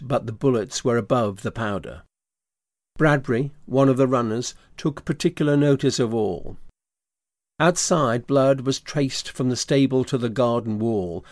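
A man narrating a classic novel as an audiobook, with a steady, even storytelling delivery. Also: mid-range voice, no echo, clean studio sound.

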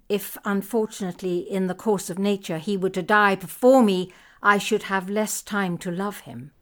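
Slow, expressive woman reading a story. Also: mid-range voice. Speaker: audiobook reader. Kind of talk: scripted narration of letters.

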